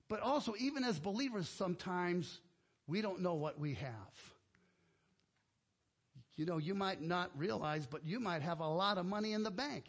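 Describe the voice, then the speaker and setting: A man preaching a sermon as pastor, emphatic, quoting scripture and pressing key words with rising force. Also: high-pitched.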